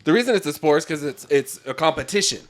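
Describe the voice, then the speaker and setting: A man hosting a casual podcast, keeping the talk moving with short quick replies. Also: a little high, lively intonation, a crowd in the background.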